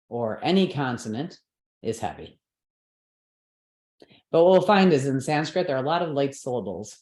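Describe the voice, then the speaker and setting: A woman's voice: a bass voice, lively intonation, normal speed, darkish tone. Patient woman teaching in a roomy space. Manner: patient, checks understanding with frequent "right?" and "okay". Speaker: Sanskrit pronunciation teacher. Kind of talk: explanatory online class. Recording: roomy echo.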